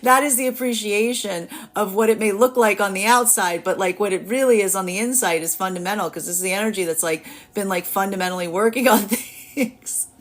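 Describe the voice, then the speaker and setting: A woman's voice: mid-range voice, brisk. A young woman giving a live tarot reading, rambling with many fillers and frequent laughs. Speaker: tarot reader.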